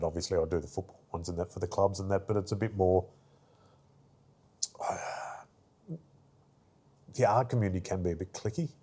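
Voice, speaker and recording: A man with a low, somewhat mellow voice, an artist and arts worker appearing as a guest, tells stories in a casual interview. He rambles with many fillers and acts out the voices he quotes.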